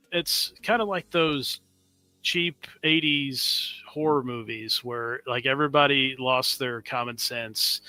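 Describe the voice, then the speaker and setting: A man's voice: medium pitch, bright, forceful tone, dry recording. A man co-hosting a casual stream chat, rambling through his opinions with lots of fillers. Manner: laid-back, rambling opinions with many fillers.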